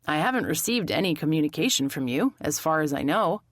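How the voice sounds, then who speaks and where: A woman voicing a calm, self-assured young male mechanic who speaks politely and quietly firmly. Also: sits low, brisk, no echo, studio quality.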